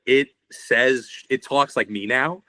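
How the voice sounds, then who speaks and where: A man's voice: mid-range voice, steady tone, slow pace, bright, forceful tone, dry recording. A young man, a guest on a podcast, talking in a rambling, laid-back way and swearing often. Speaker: guest, shirt artist. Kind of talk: casual podcast conversation.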